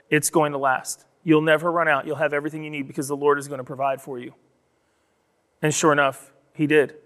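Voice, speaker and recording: A man preaching in a church sanctuary, his voice sitting a little higher than most men's. He tells the story with acted-out quotes and climbs into loud, emphatic stretches, while a long reverb trails off each phrase. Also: level tone, brisk. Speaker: pastor. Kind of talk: sermon.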